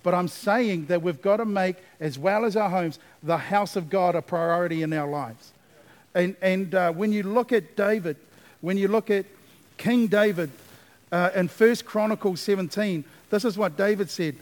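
Male pastor, fairly high voice, sermon with rising repeated refrains. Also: moderate pace. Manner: preaching with call-and-response asides, building to emphatic repetition.

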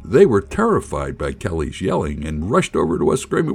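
A middle-aged man telling a personal story in an animated, colloquial, jokey way. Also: extremely low pitch, brisk, vocal fry, breathy edge, soft background music. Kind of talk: personal anecdote narration.

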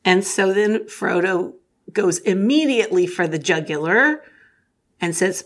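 A woman co-hosting a casual book discussion, animated, reading passages aloud between comments. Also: mid-range voice, a little slow. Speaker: podcast co-host.

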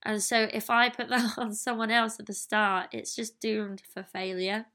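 A woman's voice: medium pitch, little pitch movement, moderate pace, pushed and bright. A woman, talking candidly and earnestly in a solo podcast reflection. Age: 30s. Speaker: podcast host.

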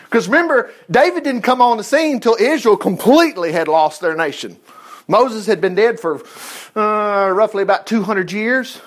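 A man reading the Bible aloud in an informal way, breaking in with excited exclamations and asides. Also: high-pitched, normal speed. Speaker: Bible teacher.

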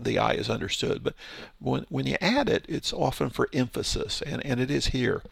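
Gravelly, husky man teaching Scripture. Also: mid-range voice, a bit bright, no room sound. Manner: conversational, explanatory, with fillers and restarts. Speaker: Bible teacher. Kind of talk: verse-by-verse Bible teaching.

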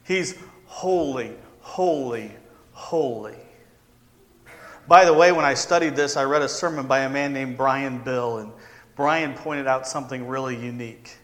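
A man preaching a sermon, stressing key words by repeating them and slowing down. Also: mid-range voice, steady tone, fairly bright tone, in a large hall. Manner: emphatic repetition, slowing for stress. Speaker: pastor.

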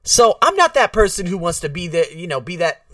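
Brief: American podcast host, rambling and filler-heavy, lively swooping delivery, dry sound a little off-mic. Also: male voice, high voice, a little fast, no room sound, far from the mic. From United States. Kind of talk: casual rambling monologue.

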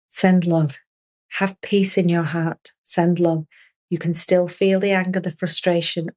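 A woman hosting a spiritual podcast and speaking as an energy healer in a soothing, earnest monologue with gentle repetition. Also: on the low side.

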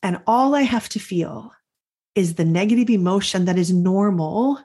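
A middle-aged woman hosting a podcast, telling an earnest personal story in a reflective, confessional way and slowing down to stress her points. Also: medium pitch, dark tone, husky. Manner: earnest, confessional, slows for emphasis. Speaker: podcast host and coach.

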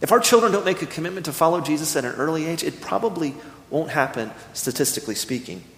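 A man in his thirties preaching a sermon, earnest and storytelling, slowing down when he reads scripture. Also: on the high side, expressive. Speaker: pastor. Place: church sanctuary. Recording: echoey church hall.

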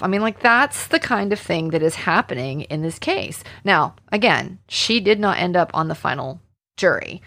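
A woman's voice: on the low side, expressive, normal speed, fairly bright tone, no room sound. A woman from Alabama hosting a true-crime podcast alone, talking conversationally with indignation and lots of fillers. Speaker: podcast host.

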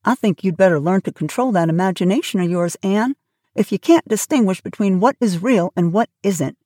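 A woman voicing a stern, brisk middle-aged spinster woman who speaks severely. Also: medium pitch, dark tone, dry recording, studio quality, natural voice. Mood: cross.

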